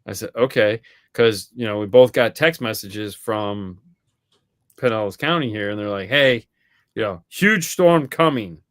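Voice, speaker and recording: Animated storytelling man on a dry mic. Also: fairly low pitch, a little slow, no room sound. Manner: animated storyteller acting out quoted dialogue; swears casually. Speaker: podcast co-host. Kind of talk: casual chat.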